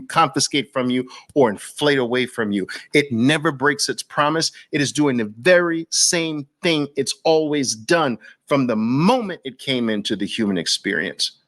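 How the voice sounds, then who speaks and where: A man's voice: mid-range voice, fairly bright tone. A man with a Brooklyn accent hosting an impassioned, preachy talk to camera, hammering points home through repetition. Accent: New York, Brooklyn. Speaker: host.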